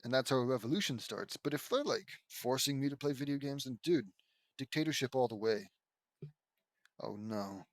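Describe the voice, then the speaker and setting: A man's voice: medium pitch, expressive, moderate pace, no room sound. A young man reading fan fiction aloud as an audiobook, breaking off often into rambling, casual asides.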